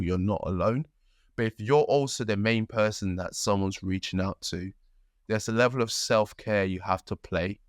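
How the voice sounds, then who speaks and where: A man's voice: on the low side, no room sound, studio quality. A young man, co-hosting a podcast, who talks earnestly and rambles, often tagging his points with "right?" and "like". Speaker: podcast co-host. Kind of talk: casual conversational storytelling.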